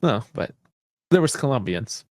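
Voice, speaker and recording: A man hosting a podcast in casual banter, teasing with crude jokes. His mid-pitched voice moves a lot. The recording is dry and close. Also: sing-song, a little slow, no room sound. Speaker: podcast host. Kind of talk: casual chat.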